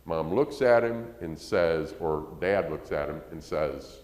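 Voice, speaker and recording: A man's voice: rumbling low, animated, slow pace, few pauses, a little mellow. A man preaching a conversational sermon, acting out quotes and rising to emphasis. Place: church sanctuary. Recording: echoey church hall.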